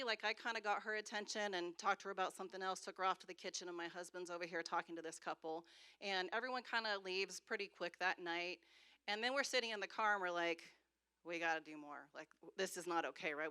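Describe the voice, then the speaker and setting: Woman, church trainer; bright, resonant voice; chatty storyteller. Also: fairly low pitch, clear, resonant tone. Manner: chatty storyteller, tags lines with "like" and "right?". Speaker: church group leader trainer. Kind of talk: training talk with personal stories.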